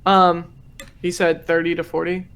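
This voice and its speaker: A man playing a tabletop game, talking hesitantly with many pauses and fillers. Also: on the high side, completely flat delivery, a bit bright, smooth. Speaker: player.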